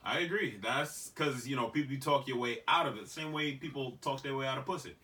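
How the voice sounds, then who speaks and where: Laughing slangy man telling stories, bright and distant. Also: mid-range voice, a little fast. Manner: laughing storyteller, slangy, acts out quoted voices. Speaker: podcast host. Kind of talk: casual chat.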